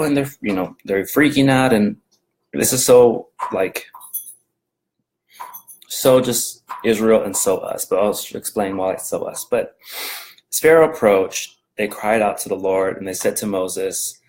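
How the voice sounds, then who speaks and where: A man with a somewhat low voice talks through a Bible verse of the day from home. His delivery is loose and conversational, full of fillers, restarts and asides. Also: unhurried, darkish tone, low-quality recording. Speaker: devotional video host. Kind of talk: casual devotional talk.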